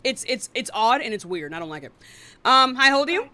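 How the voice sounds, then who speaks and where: A woman hosting a live online debate stream, blunt and profane, quick to cut people off. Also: fairly high pitch, very animated, bright, forceful tone.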